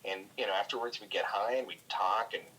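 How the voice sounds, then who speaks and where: A man's voice: lowish voice, pushed and bright, slight background noise, rough recording. A man, a guest comedian, talking candidly in casual chat, swearing freely and restarting his sentences often. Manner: candid, profane, halting with many restarts. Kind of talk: casual chat over a call.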